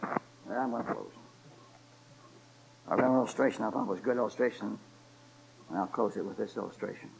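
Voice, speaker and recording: A man in his seventies preaching a sermon in a folksy, joking way, telling stories and building up to loud exhortation. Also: fairly low pitch, a little fast, vocal fry, long pauses, low-quality recording. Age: 70s.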